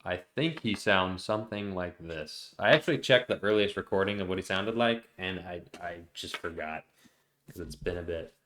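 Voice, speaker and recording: A man's voice: deep voice, lively intonation, moderate pace, fairly bright tone, a little hiss or hum. A man narrating as game master in a casual, self-deprecating way.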